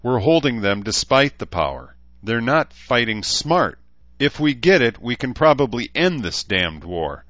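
A man voicing a fierce, urgent young sorceress who talks forcefully. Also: medium pitch, very animated, a little slow, no echo, lo-fi sound, voice pushed up. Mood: insistent.

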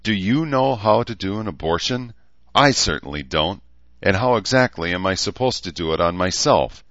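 Audiobook: male narrator doing a tired, dry-witted mother, deep voice raised slightly, flat dull audio. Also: normal speed, dry recording. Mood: weary. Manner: dry, exasperated. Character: middle-aged woman doctor, weary and sardonic mother.

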